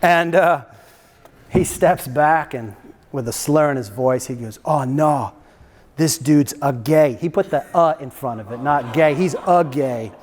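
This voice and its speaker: A man's voice: on the high side, measured pace, in a large hall. A man speaking as a guest lecturer to a campus audience, in a casual, chatty storytelling way. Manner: casual, chatty, laughs at his own stories.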